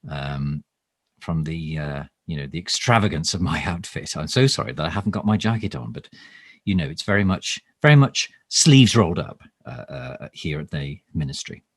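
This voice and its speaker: A man's voice: extremely low pitch, expressive, moderate pace, slightly rough, dry recording, clean studio sound, heavily acted. A man playing a bumbling pompous minister. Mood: self-important. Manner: hesitant, rambling, full of ums and stammered restarts; pompous, overly formal. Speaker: satirical minister character. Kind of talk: improvised comic monologue, mock live stream.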